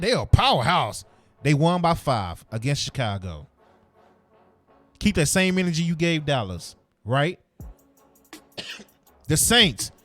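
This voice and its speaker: Man, sports podcast host, fired-up rant, slangy, fairly high voice, faint music behind. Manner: heated, animated ranting with slang.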